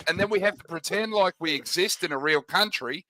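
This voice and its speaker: A man on a late-night stream, joking in a deadpan way and calling people mate. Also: high voice, brisk, dry recording, rough recording. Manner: dry deadpan humor, calls people mate. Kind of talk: casual joking chat.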